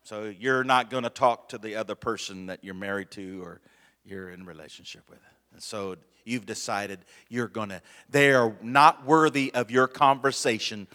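A male pastor preaching a sermon in a relaxed, conversational way, asking for amens and chuckling with his congregation. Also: fairly low pitch, normal speed. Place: church sanctuary. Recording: long church hall reverb.

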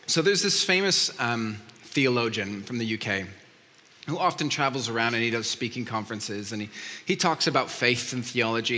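Preacher, male, bright tone, chatty storyteller, echoing hall sound. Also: mid-range voice. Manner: conversational storytelling, acting out quotes. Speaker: pastor. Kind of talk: sermon. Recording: long reverb of a hall.

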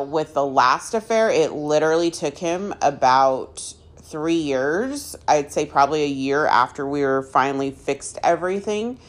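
A woman in her thirties hosts a personal podcast, recounting her own story with open candor. Her voice sits low and her delivery is slow and unhurried, broken by frequent ums and restarts. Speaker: podcast host.

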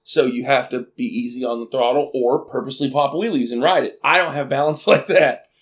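A man's voice: mid-range voice, brisk. A man from Arkansas with a light Southern accent, chatting casually and laughing often as he swears and tells stories. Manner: laughing, swearing, animated storytelling. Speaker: podcast co-host. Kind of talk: casual chat.

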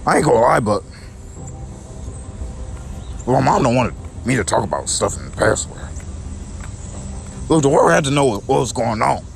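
A man's voice: mid-range voice, lively intonation, moderate pace, gravelly, pauses often, slight background noise. A young man venting to his viewers in a repetitive, aggrieved way, often stumbling and restarting his sentences. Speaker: vlogger. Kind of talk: personal rant to camera.

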